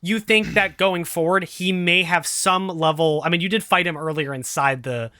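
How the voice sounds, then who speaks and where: Man, game master, tabletop game narration, bright tone, dry close mic. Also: fairly high pitch, normal speed, dry recording.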